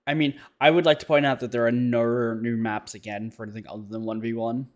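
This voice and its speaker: A man's voice: medium pitch, level tone, quick pace. A man co-hosting a gaming podcast, laid-back and jokingly pleading in casual chat. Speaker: podcast co-host.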